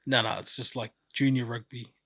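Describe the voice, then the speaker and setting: A man's voice: mid-range voice, level tone, a little fast, bright, forceful tone, no echo, clean studio sound. A man with a New Zealand accent, co-hosting a casual podcast chat, joking and teasing in banter. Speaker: podcast co-host.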